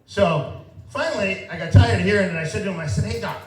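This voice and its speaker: A man doing a stand-up comedy set, talking casually and self-deprecatingly, and turning animated when he acts out his own side of a story. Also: high-pitched, fast talker. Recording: roomy live venue, mic heard from a distance. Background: audience laughter.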